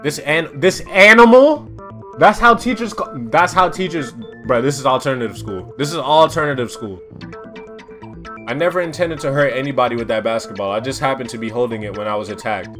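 A young man talks over his gameplay in a lively, bright voice that swings up into loud, exasperated outbursts. He is slangy and repeats his lines for effect, and soft music plays underneath him. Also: medium pitch, brisk. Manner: loud, animated, exasperated reactions to the game. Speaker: gaming YouTuber. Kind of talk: casual let's-play commentary.

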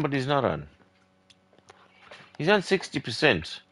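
A man's voice: mid-range voice, huge pitch swings, unhurried, a bit bright. A man with an Irish accent, a gaming streamer chatting casually with another player, joking boisterously and swearing freely. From Ireland. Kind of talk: casual voice chat while gaming.

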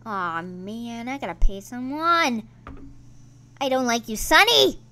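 Taking things slowly in a fairly high voice, a woman provides easygoing let's-play commentary for her gaming channel. She's excitable and grumbles in a playful way.

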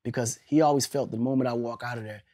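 A man in his forties, an interview guest telling animated stories, laughing and swearing casually. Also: medium pitch, fast talker.

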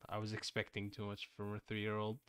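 A man's voice: fairly low pitch, completely flat delivery, clean tone, dry recording. Young man, VTuber streamer, casual gaming chat, dry close mic. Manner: chatty, quick shifts between loud and soft.

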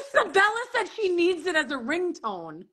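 A woman's voice: very high voice, wildly swooping pitch, unhurried, a bit bright. A woman with a New York Long Island accent hosting a casual live-stream chat, gushing and swearing freely, with lots of "like". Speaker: host.

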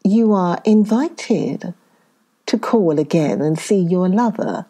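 A woman's voice: fairly low pitch, expressive, takes it slowly, dark tone. A woman doing Sungora, a sly coaxing hare. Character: crafty scheming male hare, smooth talker.

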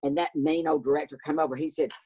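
Older southern guy, high voice people mistake for a woman's, husky, acts out the voices as he goes. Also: quick pace. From American South. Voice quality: high voice often taken for a woman's. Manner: animated, acts out voices in his stories. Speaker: guest. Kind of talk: casual anecdotal storytelling.

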